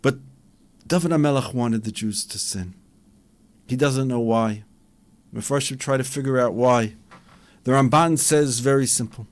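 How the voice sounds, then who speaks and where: A man's voice: medium pitch, measured pace, pauses often. A man, a rabbi, giving an impassioned Torah lecture and acting out dialogues with a rising voice.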